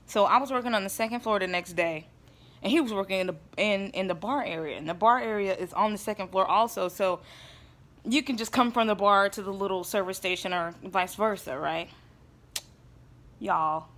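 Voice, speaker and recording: In a chatty, emphatic faith talk to camera, a woman vlogger regularly checks in with her listeners. She speaks at normal speed in a mid-range voice with a fairly bright tone.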